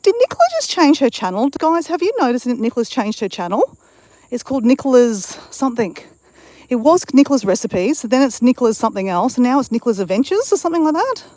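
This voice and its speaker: A woman's voice: sits high, darkish tone, no room sound, studio quality. A woman chatting on a live stream while out on a bush walk, rambling and greeting viewers in the chat, on a handheld phone mic. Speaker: vlogger.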